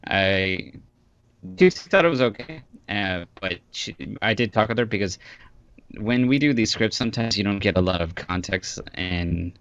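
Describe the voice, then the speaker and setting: A man's voice: lowish voice, expressive, moderate pace, a bit bright, highs cut off. A man who works as a voice actor, chatting as an interview guest in an easygoing, joking way over an online call. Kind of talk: casual interview chat.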